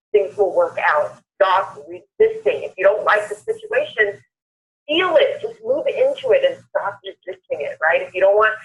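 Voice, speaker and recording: Woman leading a motivational call, punchy and repetitive; bright, dull lo-fi line. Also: mid-range voice. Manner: upbeat, emphatic, repeats phrases. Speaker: call host. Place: Southern California. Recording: muffled phone-line call recording.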